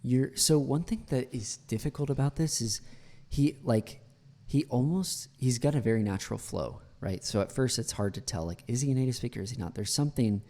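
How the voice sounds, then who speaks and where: A man's voice: medium pitch, a little fast, warm tone, in a large hall. An American man teaching English, critiquing a speech clip in a chatty way with many fillers. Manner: chatty, many fillers, repeats words for analysis.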